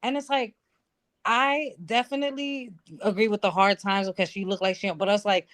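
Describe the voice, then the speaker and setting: A woman's voice: mid-range voice, animated, fairly quick, a bit bright. A woman calling in to a casual chat, talking bluntly and animatedly and swearing freely. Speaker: guest caller.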